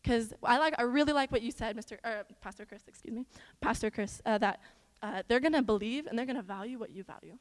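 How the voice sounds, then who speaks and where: A young woman from the Midwest delivers a casual sermon as a children's minister. Her voice sits high, and she swings between loud, emphatic exhortation and quiet, slangy asides. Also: fast, few pauses, rough recording.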